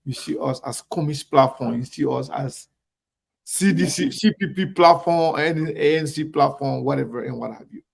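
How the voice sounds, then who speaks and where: A man's voice: fairly high pitch, normal speed, gravelly, breathy edge. A man hosting an online talk show, greeting viewers by name and speaking emphatically and directly to his audience. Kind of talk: live show shout-outs and commentary.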